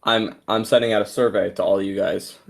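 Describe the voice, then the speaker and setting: A man's voice: lowish voice, flat delivery, fairly quick, gravelly. Male game master, casual chat, self-deprecating. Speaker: dungeon master.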